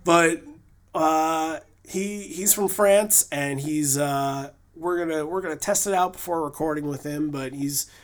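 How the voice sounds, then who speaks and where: A man's voice: fairly high pitch, measured pace. A man co-hosting a podcast, talking in a loose, rambling way with many fillers and restarts. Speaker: podcast co-host. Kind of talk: casual podcast chat. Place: lives in New England.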